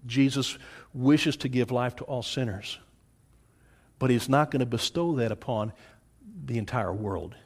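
A man's voice: mid-range voice, measured pace, pauses often, breathy edge. A man teaching a Bible study lecture in an earnest way, often checking in with his listeners. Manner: earnest, checks in with "all right?".

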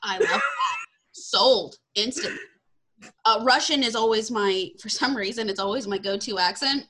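A woman's voice: fairly high pitch, animated, moderate pace, a bit bright, a little hiss or hum. A woman in her twenties from Texas, hosting a casual podcast chat, bubbly and self-deprecating, laughing often. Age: 20s. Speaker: podcast host.

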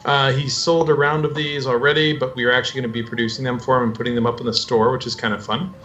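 A man's voice: mid-range voice, level tone, quick pace, fairly bright tone. A man hosts a casual show and walks through new hardware in a plain, explanatory manner. The sound is dull and lo-fi. Faint music plays in the background. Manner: plain, explanatory, product announcements. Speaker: host announcing products. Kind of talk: casual chat.

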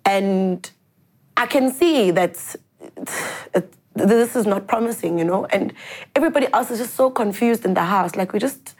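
A woman's voice: medium pitch, a little mellow. Earnest woman telling a story. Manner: earnest, halting, mixes English and isiZulu phrases. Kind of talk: personal storytelling in conversation.

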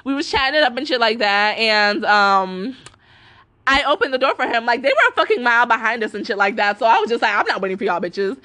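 A woman's voice: a little high, expressive, brisk, pushed and bright. A young woman ranting casually through a profane storytime, full of fillers and curse words. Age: young adult. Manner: casual, heavy cursing, lots of fillers like "like" and "bro". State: up all night, tired. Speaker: vlogger.

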